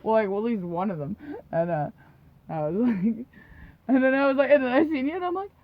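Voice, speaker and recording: A woman's voice: on the high side, fairly quick, dry recording. A woman co-hosting a podcast, telling profane, rambling stories in casual chat, often laughing and acting out what people said. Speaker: podcast co-host. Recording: dull lo-fi dry recording.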